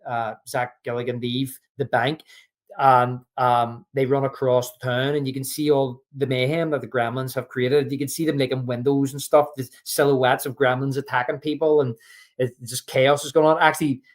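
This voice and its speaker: A man's voice: mid-range voice, little pitch movement, moderate pace. A man co-hosting a film podcast, chatting casually and retelling scenes with frequent restarts. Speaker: podcast co-host.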